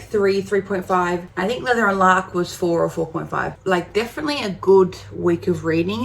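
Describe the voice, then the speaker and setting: A young woman talks casually into a nearby camera for her reading vlog. Her voice has a gravelly, creaky edge, and she is expressive and swears freely. She sounds like she is at home in her bedroom. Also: lowish voice, slight background noise. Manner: expressive, swears often, laughs through tears. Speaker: book vlogger.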